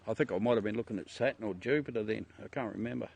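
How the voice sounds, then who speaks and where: A man's voice: fairly low pitch, rapid-fire, vocal fry, darkish tone, breathy edge. A middle-aged Australian man casually chatting with viewers on a livestream, joking, swearing and laughing often as he shows the moon through a telescope. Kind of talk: casual live chat with viewers.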